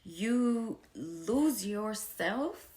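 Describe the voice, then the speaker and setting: A young adult woman talking casually and from the heart to her viewers, slow and reflective, with soft whispered asides. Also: mid-range voice, animated. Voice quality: gravelly vocal fry. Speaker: poet and painter sharing her story. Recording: echoey room.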